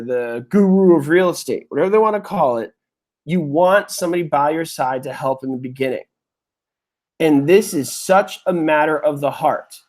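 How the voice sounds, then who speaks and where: A man from New York hosts a live webinar, speaking into a desk mic in a slightly high voice. He is chatty and emotional and keeps calling his viewers "you guys". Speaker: webinar host.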